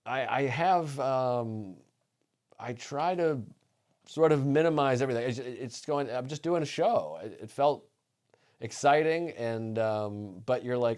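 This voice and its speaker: A comedian from New England reflecting on a hometown show in a halting, modest interview voice. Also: male voice, medium pitch, darkish tone. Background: music.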